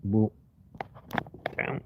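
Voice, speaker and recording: A man's voice: drawn-out words, very noisy. A man hosting a rambling, casual livestream chat from bed on a cold night, muttering to himself and his viewers. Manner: rambling, muttering, talks softly to his companion at times. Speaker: livestream host. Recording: tinny phone-like livestream audio.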